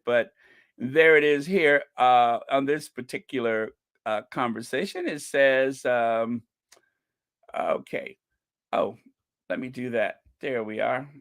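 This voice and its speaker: A man's voice: medium pitch, a bit bright, clean tone. A man hosting his own channel, chatting casually, laughing often, rambling with fillers. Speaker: channel host. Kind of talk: casual commentary.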